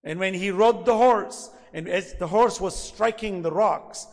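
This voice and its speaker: A man giving a sermon, impassioned, swinging between loud emphasis and soft asides. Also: sits high, a little slow. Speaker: preacher. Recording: long hall reverb.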